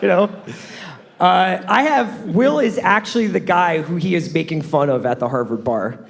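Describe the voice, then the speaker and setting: A man's voice: high voice, moderate pace, gravelly. A man on a live podcast panel, chatting casually and joking, making wry takes. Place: live stage in a concert venue.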